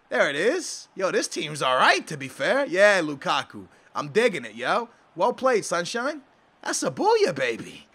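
A young man giving live, excitable gameplay commentary, trash-talking and yelling at the game. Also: high voice, unhurried, slightly rough. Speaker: gaming YouTuber.

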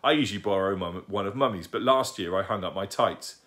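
A man's voice: sits low, fairly quick, a bit bright. A man reading aloud and voicing a chatty, bossy little girl who explains things eagerly. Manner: eager, explaining, matter-of-fact.

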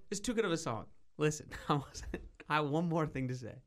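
A man hosting a show, chatting casually in an excitable, playful way. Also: on the high side, brisk, faint music behind. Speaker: show host. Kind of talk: casual studio chat.

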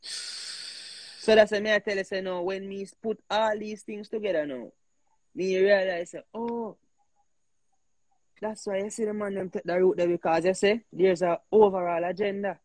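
A man with a Jamaican accent, hosting a heated casual talk, animated and emphatic, often repeating himself. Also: sits high, moderate pace, pauses often, dry recording, low-quality recording. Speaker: host.

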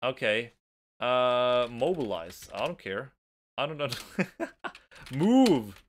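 A man's voice: mid-range voice, lively intonation, slow pace, fairly bright tone, slight background noise. A young man with a Norwegian accent, a native Norwegian speaker, casually commenting on a game he plays and reading its text aloud with nervous giggles. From Norway. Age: young adult. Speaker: let's play host.

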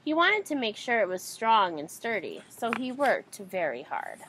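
Animated woman reading a children's story. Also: on the high side, normal speed, slight background noise, poor audio. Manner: animated and expressive. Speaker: storybook reader.

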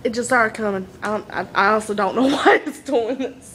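A woman's voice: medium pitch, brisk, fairly bright tone, a little hiss or hum. A hyper, giggly young woman with a Southern US accent, joking around in a casual vlog inside a college building. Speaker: vlogger.

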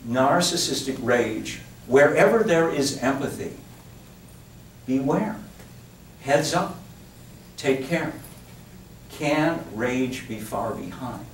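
A man giving a public lecture, talking with digressions and emphatic asides to his audience in a lecture room. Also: medium pitch. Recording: roomy, distant lecture-hall recording with faint noise.

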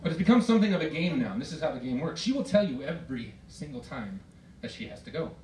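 Exasperated stand-up comic in a roomy hall. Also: male voice, fairly high pitch, sing-song, fast, a crowd in the background. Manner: exasperated storytelling with shouted outbursts. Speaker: stand-up comedian. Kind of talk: stand-up comedy set. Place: performance hall with a live audience. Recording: roomy hall recording from far off, loud noise.

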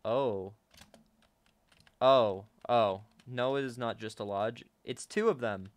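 Excitable young man narrating his gameplay. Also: medium pitch, takes it slowly, no room sound. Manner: excitable, talks to viewers, gasps and laughs often. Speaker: gaming YouTuber. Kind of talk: casual gameplay commentary.

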